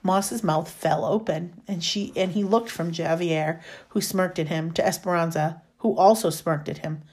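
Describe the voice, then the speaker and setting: A woman reading a novel chapter aloud in a steady storytelling manner. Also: fairly low pitch, normal speed, slightly rough. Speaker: reader.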